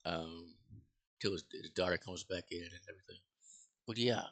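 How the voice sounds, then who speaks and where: Deep gravelly man rambling casually. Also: normal speed, fairly bright tone. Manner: rambling, profane, with many fillers and restarts. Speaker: movie reviewer. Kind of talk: casual spoken movie review.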